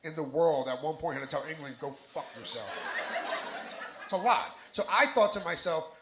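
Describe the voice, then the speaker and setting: A New Jersey man with a fairly high, lively voice talks a little fast as he performs live stand-up on a bar lounge stage. He's a brash, profane comedian who works the crowd into his punchlines. The roomy bar carries audible crowd noise.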